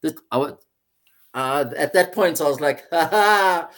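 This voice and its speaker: A man, a guest in an interview, telling a personal story in an animated, casual way and swearing freely. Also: a little high, moderate pace. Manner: animated, swears, says "mate" often.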